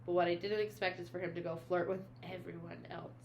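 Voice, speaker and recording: A woman's voice: lowish voice, flat delivery, fast, a little mellow, slight background noise. A young woman co-hosting a podcast, casually recapping a book and reading quoted lines aloud, with lots of "she's like". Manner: retells scenes, reading quotes aloud, many "she's like" fillers. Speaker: podcast co-host.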